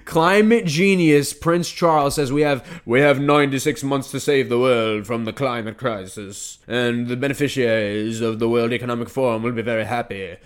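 A man's voice: medium pitch, steady tone, moderate pace, few pauses, clean tone. A man hosting a podcast, ranting in a sarcastic, heated and repetitive way. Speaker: podcast host. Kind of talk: ranting commentary.

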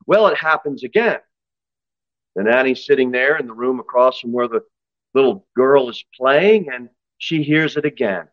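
A man's voice: medium pitch, moderate pace, no echo, muffled recording. A man preaching an expository sermon in a church, emphatic and acting out story voices. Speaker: pastor.

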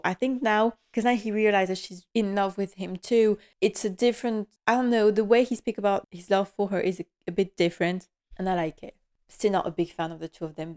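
A woman's voice: mid-range voice, a little mellow. A woman hosting a podcast, chatting enthusiastically and laughing often as she recaps a TV episode. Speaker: podcast host.

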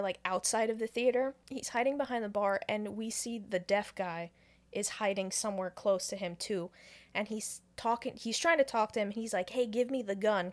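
Woman podcast host, fairly high voice, animated, profane, casual movie recap. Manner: animated, profane, laughing storyteller.

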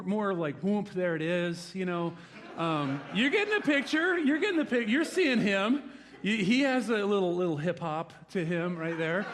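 A man in his forties preaching a sermon to a congregation, telling a lively story from his rural youth and then growing quiet and reflective. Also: sits high, slight background noise. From rural United States. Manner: animated storytelling, swings from loud exclaims to hushed reflection. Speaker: pastor. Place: church hall before a congregation.

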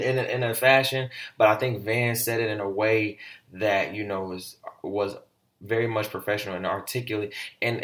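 Bright-voiced man hosting a casual podcast. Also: fairly low pitch. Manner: animated, slangy, swears, lively retelling. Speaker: podcast host. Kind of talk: casual solo podcast commentary.

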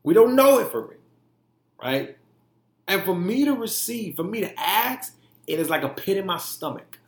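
A man's voice: high-pitched, expressive, normal speed. A young man hosting a podcast, speaking candidly and emphatically, often profane, acting out the way he talks to himself. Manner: candid and emphatic, profane, mimicking his own inner talk. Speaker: podcast host. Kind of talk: candid monologue. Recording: echoey room.

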